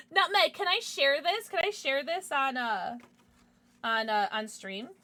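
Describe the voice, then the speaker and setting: This young woman's voice sits high, sounding pushed and bright, as she chats casually on a livestream from home. Gushing and bubbly, she fusses over gifts and viewers, switching quickly between squealing and mumbling.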